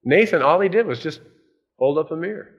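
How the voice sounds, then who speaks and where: A male pastor preaching a sermon, telling a Bible story with lively swings between loud and hushed delivery. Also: a little high, quick pace, husky, lo-fi sound. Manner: animated storytelling, dropping to hushed tones for emphasis.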